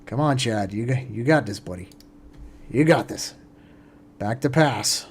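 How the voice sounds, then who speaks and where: A man hosting a live watchalong stream, giving casual play-by-play commentary as an excitable fan who swings between quiet muttering and loud cheering. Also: mid-range voice, measured pace, long pauses, husky. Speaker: livestream watchalong host.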